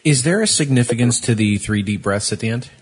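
A man hosting an interview, speaking haltingly with many fillers and affirming the guest often. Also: mid-range voice, expressive, breathy edge. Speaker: podcast host.

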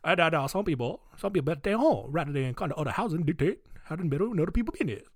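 A man putting on a stubborn, indignant old-time Southern gentleman with a mock Cajun accent. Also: fairly high pitch, expressive, rapid-fire, no echo, clean studio sound.

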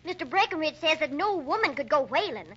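An actress playing an eager young tomboy who pleads to go to sea in a radio drama, from a dull old radio recording. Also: female voice, sits high, sing-song, quick pace, fairly bright tone. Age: young adult. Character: eager young tomboy heiress, adventure-hungry.

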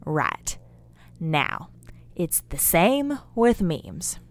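A woman's voice: lowish voice, big pitch swings, drawn-out words, exaggerated voice. A woman playing a folksy, chatty character who rambles and scolds her listener as she lectures him about memes. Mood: rambling. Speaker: character in an audio drama monologue. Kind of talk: scripted character monologue.

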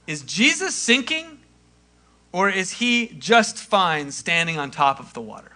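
A man preaching a sermon in a conversational way, acting out quoted lines and swinging from loud to hushed. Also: high voice, big pitch swings, a little slow. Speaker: pastor.

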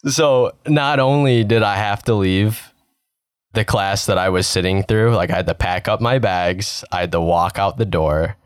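A man's voice: fairly low pitch, normal speed, clean tone, no echo, studio quality. A young man in casual chat, telling an embarrassing story step by step in a laid-back way. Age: young adult.

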